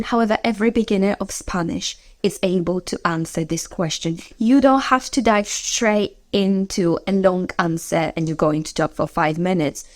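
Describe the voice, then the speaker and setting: A woman's voice: mid-range voice, darkish tone. Woman teaching beginner phrases. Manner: clear, patient explaining, lifts voice for each numbered question. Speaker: language teacher. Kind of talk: spoken language lesson.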